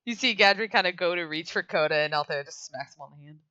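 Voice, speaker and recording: A woman's voice: lowish voice, fast talker, lo-fi sound, crowd noise. A woman narrating a tabletop game as game master, casual and laughing often.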